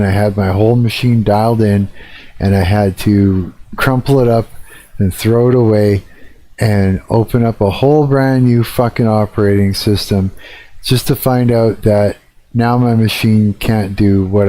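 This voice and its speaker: Slow-talking, frustrated male streamer. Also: lowish voice, dark tone. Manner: frustrated, swearing, ranting. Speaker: live streamer. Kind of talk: casual live-stream chat.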